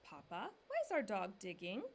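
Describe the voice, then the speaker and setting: Eager storybook boy, earnest and bright, voiced by a woman reading aloud. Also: medium pitch, big pitch swings, moderate pace, a little hiss or hum. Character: eager young boy, generous.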